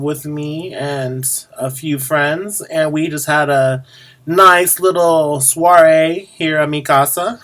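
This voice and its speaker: A man talks straight to camera as a drag performer's video diary, rambling with frequent pauses and restarts. His voice sits a bit high, and he lands his asides with a sassy edge. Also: a bit bright. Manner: rambling, lots of ums and restarts; sassy, chatty. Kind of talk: casual chat to camera.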